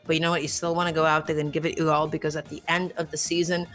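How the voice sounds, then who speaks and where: A young woman doing live esports commentary in a playful, excitable, jokey way. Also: sits low, very fast.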